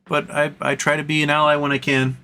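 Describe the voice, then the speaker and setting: A man's voice: on the high side, level tone, brisk, bright, forceful tone, a little hiss or hum. A man hosting a casual livestream, reading chat messages aloud and answering them in an earnest, rambling way with frequent restarts.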